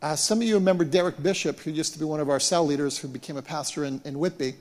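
Man, pastor, animated storytelling sermon, stumbles and repeats words, higher voice. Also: fast. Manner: animated, repeats and restarts words while retelling events. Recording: long hall reverb.

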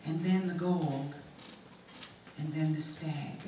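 A woman giving a sermon testimony, telling her story earnestly and reading scripture slowly and expressively. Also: fairly low pitch, a little hiss or hum. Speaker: preacher. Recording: echoey room, mic far off.

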